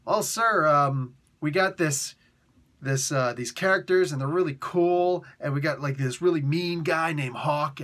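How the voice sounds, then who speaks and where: A man voicing a nervous staff writer who pitches ideas hesitantly and is eager to please his boss. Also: measured pace, fairly bright tone. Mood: pitching.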